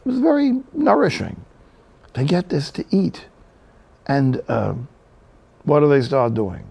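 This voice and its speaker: A man's voice: a little high, huge pitch swings, a little slow, creaky, a little mellow, husky. A man from New Jersey preaching a sermon, telling Bible stories with humorous asides. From New Jersey, USA.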